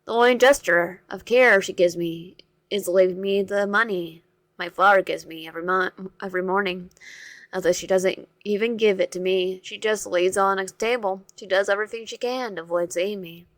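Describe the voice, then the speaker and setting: A shy teenage boy from a story game, read by a woman, speaking softly and haltingly as he stumbles over words. The voice sits in a middle register. The sound is dry, with no room around it. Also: mid-range voice, fairly even intonation, no room sound, lightly acted. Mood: hurt. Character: shy, troubled teenage boy, soft-spoken.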